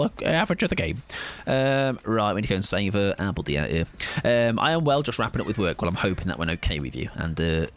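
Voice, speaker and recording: A man's voice: a bit bright, slight background noise. A man chatting casually with his viewers while he plays a game on a livestream. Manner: chatty, greets chat, yelps in high bursts during play. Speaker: streamer. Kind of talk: casual gaming livestream chat.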